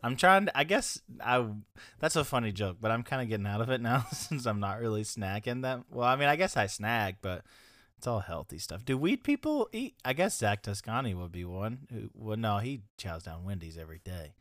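A man's voice: fairly low pitch, expressive, a little fast, fairly bright tone, no room sound. Man, podcast co-host, casual chat, giggly storyteller, dry close sound. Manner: giggly, rambling storyteller, laughs often.

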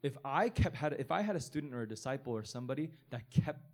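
A man's voice: mid-range voice, animated, fast talker, darkish tone. Earnest man preaching informally. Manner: earnest, conversational, rambling with restarts. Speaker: pastor. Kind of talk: informal sermon.

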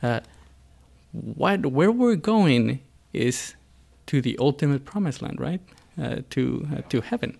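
An American man talking through religious ideas in a relaxed podcast-style chat. He stumbles through fillers and restarts, then presses his points with earnest emphasis. His voice has a gravelly, creaky edge at a middling pitch. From United States. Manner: halting, many fillers and restarts. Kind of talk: casual religious discussion.

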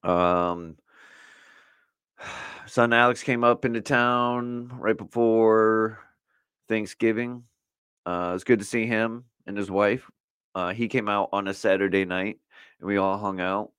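A middle-aged man talking on his own podcast in a slightly low voice. He rambles casually and leans on fillers like "you know" and "like". The sound is close and dry, with no room behind it. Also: steady tone, takes it slowly, pauses often, a bit bright, smooth, no room sound. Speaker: podcast host. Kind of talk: casual solo podcast chat. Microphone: camera setup for video recording.

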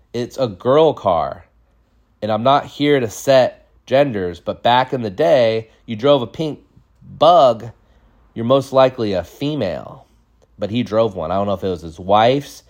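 Low-voiced man telling a rambling comic story. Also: darkish tone. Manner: rambling, jokey, acts out voices. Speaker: podcast storyteller.

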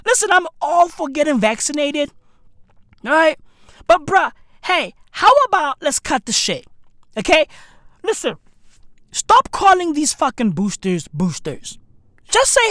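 Commentary host, woman, bouncy high-ish delivery, swears freely, keeps asking "right?". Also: unhurried, no echo, studio quality. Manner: animated, slangy, profane, rhetorical. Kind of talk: casual news commentary.

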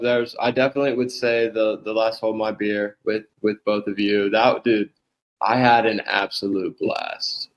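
A man co-hosting a podcast, chatting casually and rambling as he searches for words. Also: medium pitch. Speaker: podcast co-host. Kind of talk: casual chat.

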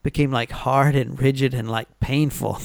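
A man's voice: medium pitch, fairly even intonation, moderate pace, gravelly, no room sound, clean studio sound. A man telling rambling stories in casual chat, full of fillers and restarts.

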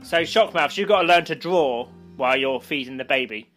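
A man's voice: medium pitch, brisk, a bit bright, faint music behind. A man co-hosting a casual podcast chat over a video call, talking in a teasing, sarcastic way. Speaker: podcast co-host.

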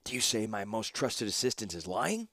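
Narrator as a cold warlord, low, slow, flat. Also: male voice, no echo, studio quality, exaggerated voice. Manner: expressionless, measured and slow. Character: cold, calculating male warlord ruler. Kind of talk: audiobook character voice.

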